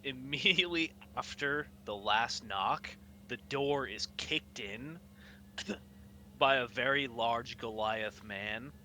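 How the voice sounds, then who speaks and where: A man narrating a tabletop game as game master, slow and descriptive, often coughing. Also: medium pitch, bright, forceful tone, slight background noise. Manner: slow, descriptive, with frequent coughs and throat-clearing.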